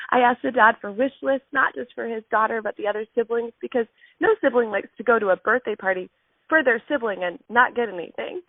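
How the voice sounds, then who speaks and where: Woman in her thirties, motivational storyteller, heartfelt and emotional, gravelly voice, dry tinny phone sound. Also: a little high, dry recording. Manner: heartfelt, emotional, many ums. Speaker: sales team leader giving a weekly message.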